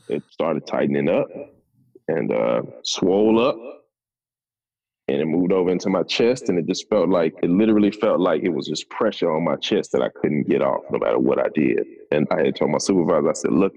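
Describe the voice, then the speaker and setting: A man's voice: low-pitched, warm tone, dull audio. A man, a podcast guest telling his story in a laid-back, conversational way. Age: 30s. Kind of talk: casual storytelling.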